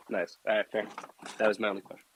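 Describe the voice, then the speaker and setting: A man's voice: lowish voice, level tone, a little fast, fairly bright tone, slight background noise, poor audio. A man chatting casually on a group audio call, rambling with many fillers and restarts. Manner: rambling, lots of fillers and restarts, laughs easily. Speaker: team member on a community audio chat. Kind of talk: casual chat.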